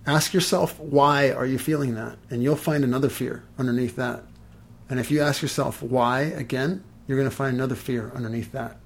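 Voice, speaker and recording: A man, an energy healer, chatting casually and telling lively stories, swearing and laughing as he goes. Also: mid-range voice, fairly quick, slight background noise. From Los Angeles. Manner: animated, swears, laughs through his stories. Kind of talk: casual storytelling in conversation.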